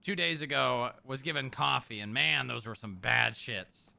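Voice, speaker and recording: A man's voice: medium pitch, moderate pace, vocal fry, bright, forceful tone. A man in casual roleplay banter, teasing and laughing easily. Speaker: roleplay player, streamer.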